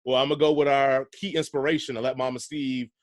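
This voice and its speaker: A man's voice: medium pitch, level tone, fast talker, no room sound. A man hosting a casual podcast, chatty and laid-back, laughing easily between points. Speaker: podcast host.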